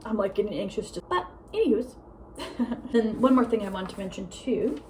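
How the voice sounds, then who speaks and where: A young woman vlogging casually at home, a self-described fast talker who rambles with many fillers. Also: mid-range voice, lively intonation, darkish tone, a little hiss or hum, rough recording. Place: home with a meowing cat.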